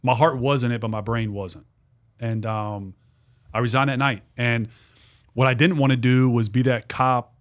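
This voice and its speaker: A man in his forties, a guest on a podcast, telling a story in a casual, animated way with lots of restarts and some swearing. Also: medium pitch, normal speed. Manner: animated, repetitive, swears freely. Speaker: guest, dog trainer and business owner.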